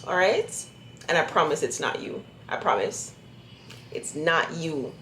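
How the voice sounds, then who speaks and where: Low-voiced blunt woman vlogger. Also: expressive, measured pace, pushed and bright, slight background noise. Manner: blunt, sassy and emphatic. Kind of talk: casual direct-to-camera vlog. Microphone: phone or compact camera.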